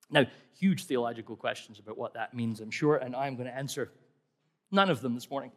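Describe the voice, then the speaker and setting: A man's voice: medium pitch, a little fast. A middle-aged man preaching a sermon in a conversational, wry way, asking many rhetorical questions. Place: church hall. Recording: long hall reverb.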